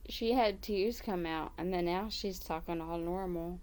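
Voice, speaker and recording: A woman's voice: fairly low pitch, unhurried, darkish tone. A woman hosting reaction commentary on a video clip, making exasperated, critical remarks. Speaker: commentary host.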